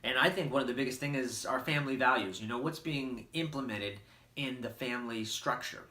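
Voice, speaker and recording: Man, earnest parenting talk, loose and chatty, bright voice in a roomy space. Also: mid-range voice, brisk. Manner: earnest, plain-spoken, many "you know" fillers. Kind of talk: casual talk to camera.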